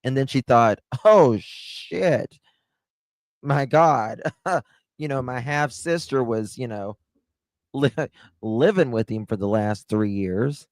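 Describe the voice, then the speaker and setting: A man hosting a casual live commentary stream, musing slowly and putting questions to his viewers. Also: medium pitch, dry recording. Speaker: livestream host.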